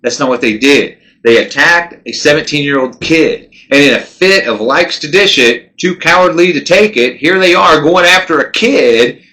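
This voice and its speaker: A man's voice: a little high, animated, moderate pace, hardly any pauses, sharp tone. A man hosting a political commentary show, talking in a casual, indignant, conversational way with frequent restarts.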